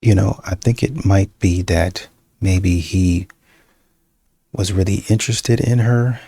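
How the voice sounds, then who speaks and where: A man commenting on a clip in a measured, lecturing way. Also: low-pitched, steady tone, mellow, slightly rough. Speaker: reaction commentator.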